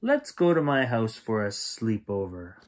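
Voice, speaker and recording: A man voicing an eager young boy frog in a storybook reading, pleading and excitable. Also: on the low side, measured pace, pitched below the performer's own voice.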